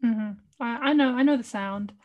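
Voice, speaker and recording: A young adult woman hosting a podcast in casual chat, talking in a monotone, rambling way with a slightly squeaky voice. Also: normal speed, phone-quality sound. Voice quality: a little squeaky. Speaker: podcast host.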